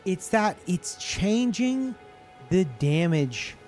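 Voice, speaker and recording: A man's voice: sits high, sing-song, drawn-out words, a little mellow, faint music behind. A man streaming a game live, reacting in disbelief, swearing often and laughing a lot. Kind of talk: live gameplay commentary.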